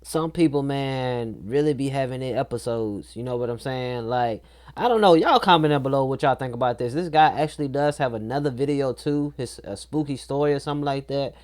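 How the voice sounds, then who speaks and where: A man's voice: mid-range voice, brisk, darkish tone. A man hosting a reaction video, commenting in a laid-back, slangy way. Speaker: reaction channel host.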